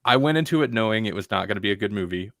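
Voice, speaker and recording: A man with a lowish, slightly bright, animated voice talks rapid-fire in a studio-quality recording with no room sound. As a podcast co-host he rambles through a casual film review, restarting a lot and imitating actors in dull voices to mock them.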